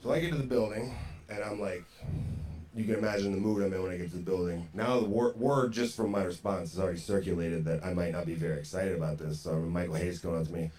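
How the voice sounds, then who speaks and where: Deep-voiced man telling a frank story. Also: steady tone, quick pace, darkish tone. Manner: frank, conversational, frequent "you know". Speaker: podcast guest. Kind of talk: casual storytelling. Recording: roomy echoey sound, faint background noise.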